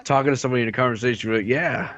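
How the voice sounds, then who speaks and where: A man's voice: medium pitch, fairly even intonation, very fast, fairly bright tone, highs cut off. A man casting a live esports match, joking around and laughing between play-by-play calls. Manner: jokey, rambling, laughs often. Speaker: esports caster.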